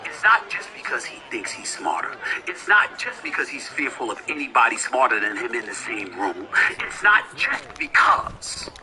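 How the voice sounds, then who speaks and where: A man in his fifties, a sports commentator, delivering an impassioned, combative monologue with emphatic repeated questions that climb up high. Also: big pitch swings, normal speed, noisy background. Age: 50s.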